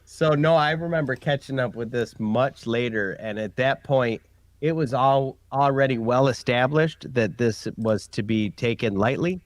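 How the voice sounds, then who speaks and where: A man's voice: medium pitch, measured pace, no echo. A man in his forties in a casual chat, talking in a chatty way and often correcting himself.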